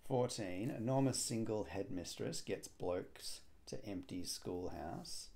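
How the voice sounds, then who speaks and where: A man solving a cryptic crossword aloud, musing and hesitant, with frequent pauses and fillers. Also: fairly low pitch, expressive, gravelly, mellow. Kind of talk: thinking aloud while solving.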